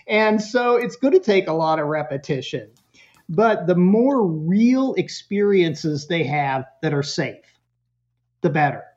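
A man chatting casually as a guest expert, animated and joking as he tells stories and acts out bits of dialogue. The audio is muffled and lo-fi, like a podcast recording. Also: on the high side, measured pace. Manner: animated storyteller, acts out voices, jokey. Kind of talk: casual interview chat.

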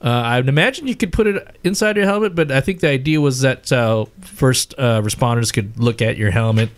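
A man's voice: medium pitch, a little fast. A man co-hosting a podcast, explaining a motorcycle gadget in a rambling casual chat full of fillers. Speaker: podcast co-host.

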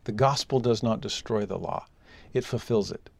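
A man giving a scripture lesson, emphatic, moving between soft asides and raised exclamations. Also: lowish voice, normal speed, vocal fry. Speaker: scripture teacher.

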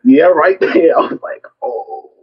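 A man's voice: on the high side, a little slow, lo-fi sound, crowd noise. Young man telling a heated story. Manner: animated storytelling, acting out both sides of an argument. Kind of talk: casual chat.

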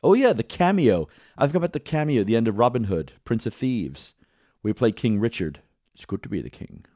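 A man's voice: mid-range voice, very animated, brisk, warm tone, no echo, studio quality. A man co-hosting a podcast, chatting casually, rambling and swearing now and then. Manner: rambling, swears casually, laughs at own jokes. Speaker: podcast co-host. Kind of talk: casual chat.

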